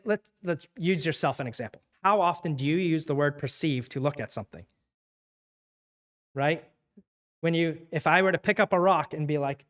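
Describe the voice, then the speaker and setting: A man's voice: on the high side, fairly bright tone. A man teaching a church Bible class in a casual, conversational way, acting out everyday dialogue to make his points.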